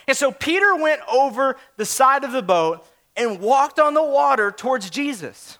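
A man preaching a sermon as a pastor, telling a story in an animated way with joking asides. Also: very high-pitched, normal speed.

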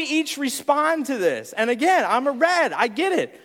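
A man preaching a sermon, animated, acting out different personality types in quick voices. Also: extremely high pitch, in a large hall. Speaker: pastor.

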